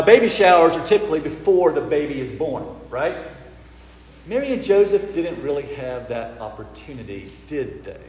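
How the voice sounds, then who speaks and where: A man from the American South with a Southern accent, a priest giving a sermon and telling stories with lively quoted voices. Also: a little high, a little hiss or hum. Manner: storytelling, animated when acting out quotes. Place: church. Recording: roomy church with long reverb, faint ambience.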